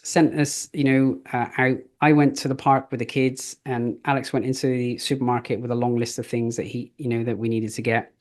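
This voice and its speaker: Middle aged guy coaching business owners, loose chatty storytelling, medium pitch. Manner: casual, chatty, with fillers and stories. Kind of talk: live training talk.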